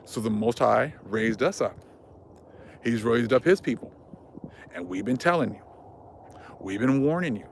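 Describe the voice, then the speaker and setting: A man's voice: medium pitch, measured pace, long pauses, slight background noise. A man hosting a religious commentary vlog, speaking fervently in casual slang and repeating himself for emphasis. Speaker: vlog host.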